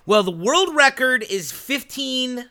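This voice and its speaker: Goofy high-voiced podcast dude, bright and bouncy, keeps stumbling on his words. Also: slow. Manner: jokey, animated, stumbles over words. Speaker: podcast co-host. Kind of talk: casual chat.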